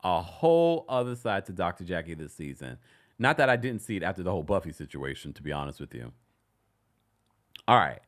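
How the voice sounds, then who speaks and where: A man hosting a casual reality TV recap, chatty and animated, with sudden high-pitched exclamations. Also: brisk. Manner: chatty, many restarts while retelling scenes.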